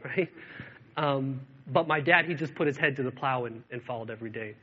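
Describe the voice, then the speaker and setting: A man's voice: medium pitch, a little fast, husky. A man preaching a sermon, telling stories with lots of ums and acting out the dialogue. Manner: animated storytelling with acted-out dialogue, many fillers. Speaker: pastor. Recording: dull lo-fi sound.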